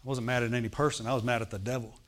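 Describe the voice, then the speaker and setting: A man's voice: mid-range voice, fairly even intonation, racing. A man preaching a sermon, telling a personal healing story and often asking the congregation "Amen?". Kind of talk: sermon testimony.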